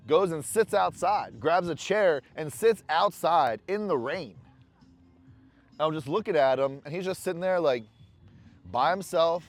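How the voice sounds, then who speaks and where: A man in a casual motivational vlog, talking to camera bluntly and with profanity, candid and rambling while smoking a cigar. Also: fairly high pitch. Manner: blunt, profane self-talk. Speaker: vlogger.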